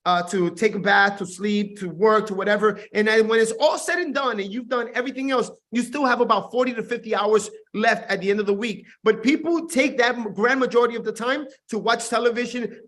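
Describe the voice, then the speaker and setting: A man with a high voice gives an intense, preachy motivational talk to his team over a video call. He hammers on the same points again and again and keeps pressing his listeners. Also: fairly even intonation, a little fast, hardly any pauses, fairly bright tone. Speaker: network marketing team leader.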